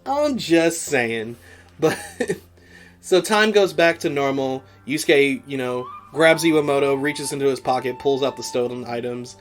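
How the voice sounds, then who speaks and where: A man's voice: mid-range voice, moderate pace, faint music behind. A man hosting a podcast, giving a casual anime episode recap, swearing freely and laughing often. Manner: profane, animated, laughs often. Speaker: podcast host.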